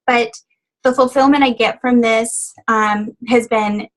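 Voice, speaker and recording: A woman's voice: on the high side, fairly even intonation, takes it slowly, a little hiss or hum, poor audio. A middle-aged woman health coach sharing her story on a call, earnest and choked up, with many fillers. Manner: earnest, emotional, frequent fillers. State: tearful, choked up. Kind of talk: motivational testimonial on a conference call. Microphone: phone call.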